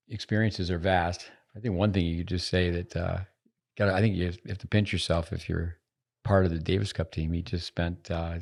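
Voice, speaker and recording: This older podcast host has a deep, darkish voice. He chats at a studio table in a teasing, meandering manner, frequently starting over mid-thought.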